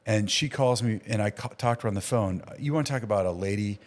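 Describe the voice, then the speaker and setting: A man's voice: lowish voice, fast talker. A man, an emergency physician, telling stories in a casual podcast interview and acting out the dialogue. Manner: animated storyteller, acts out quoted dialogue.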